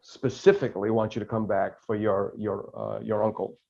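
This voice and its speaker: A man hosts a podcast interview in casual chat, talking haltingly with many fillers and restarts. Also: fairly low pitch, level tone, gravelly, mellow, highs cut off. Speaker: podcast host.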